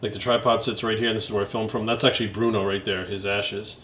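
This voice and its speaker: A young man chatting casually in a vlog, cursing often and getting excitable. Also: on the low side, fast, a little hiss or hum. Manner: profane and excitable, talks baby talk to his dog. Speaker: bodybuilding coach and vlogger.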